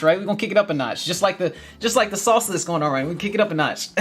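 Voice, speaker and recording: A man with a high, husky voice hosts a casual gardening livestream. He reads viewer comments in energetic, upbeat chatter, often laughing and referring to his viewers as family.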